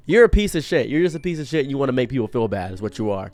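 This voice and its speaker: A man's voice: mid-range voice, very fast, hardly any pauses, soft background music. A man giving an earnest motivational monologue, preachy and direct, acting out the voices he quotes. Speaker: streamer giving a pep talk.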